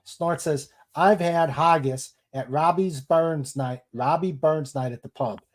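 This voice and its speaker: Male stream host, slightly raised pitch, slow easygoing delivery, reads comments aloud. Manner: unhurried, chatty, laughs at jokes. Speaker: livestream host. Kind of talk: casual chat, reading viewer comments aloud.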